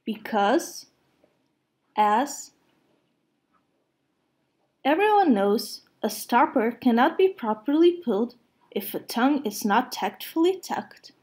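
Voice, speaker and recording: Slow, gentle woman storyteller. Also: on the high side, big pitch swings. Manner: gentle, unhurried. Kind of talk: children's storybook read-aloud.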